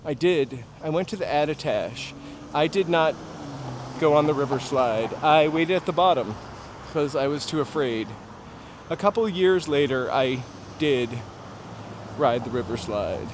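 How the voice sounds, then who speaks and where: A man from New Hampshire hosts a casual walking livestream on a city street at night, rambling through nostalgic stories and chatting with viewers. His voice is a little high, animated, and a little slow. Passing cars and city ambience fill the background with street traffic noise.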